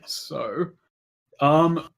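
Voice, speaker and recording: A man's voice: fairly high pitch, drawn-out words, vocal fry. Casual male game master, rambling, narrates a tabletop session.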